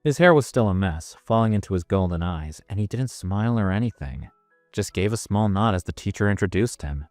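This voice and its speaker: A man's voice: lowish voice, animated, brisk, darkish tone, no echo, soft background music. A man narrating a story in the first person, in a casual, self-mocking manner.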